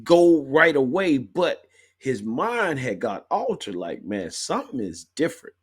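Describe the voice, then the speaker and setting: A man's voice: medium pitch, very animated, a little slow, breathy edge. A man hosting a podcast, responding in casual, emphatic slang. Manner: emphatic, slangy, lots of bruh. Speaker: podcast host. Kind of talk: casual chat.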